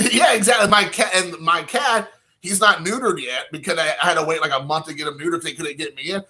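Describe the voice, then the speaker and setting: A young man spins a long personal story in a loose, rambling way, with "like" in nearly every sentence. His voice sits a touch high and rings very bright and sharp, and he slips into quoted dialogue as he goes. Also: a little fast. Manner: rambling, heavy use of "like" fillers, quoting himself and others. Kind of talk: casual anecdote storytelling.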